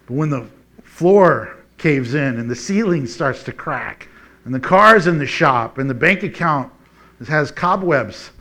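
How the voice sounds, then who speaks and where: A man with a notably high voice delivers a casual, conversational sermon. He talks in a folksy, animated way and often chuckles between points. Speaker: preacher.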